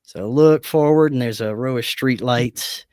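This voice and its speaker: Male podcast guest telling a personal story, animated, voices the dialogue, dead dry room. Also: mid-range voice, moderate pace, dry recording. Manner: animated, acts out quoted dialogue. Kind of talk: casual storytelling.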